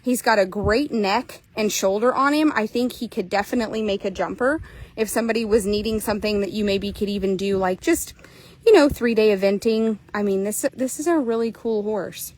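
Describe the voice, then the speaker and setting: A woman's voice: mid-range voice, a little fast, darkish tone, poor audio. A woman talking viewers through a horse for sale outdoors at a trail course, chatty and upbeat, a little out of breath in the heat. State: hot and a bit out of breath. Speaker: horse seller and trainer. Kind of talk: casual sales walkthrough to viewers.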